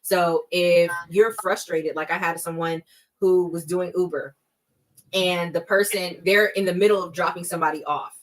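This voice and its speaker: A woman's voice: fairly low pitch, fairly even intonation, poor audio. A woman in her thirties, a guest expert on a podcast, explaining fraud warning signs in an emphatic, conversational way. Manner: emphatic, acts out scam calls in quick bursts.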